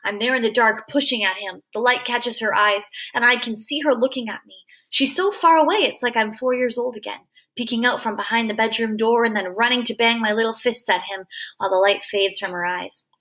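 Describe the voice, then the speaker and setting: A woman reading a novel aloud, narrating in an expressive, dramatic way. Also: fairly high pitch, a little fast. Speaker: audiobook reader.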